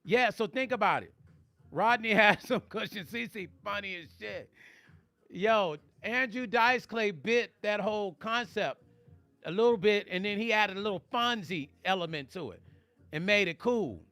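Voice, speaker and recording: Middle-aged man, high, bright voice, dry close sound, joking livestream banter. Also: expressive, dry recording. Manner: joking, playful banter, drawn-out teasing. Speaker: musician and vlog host reading live chat. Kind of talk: casual livestream chat.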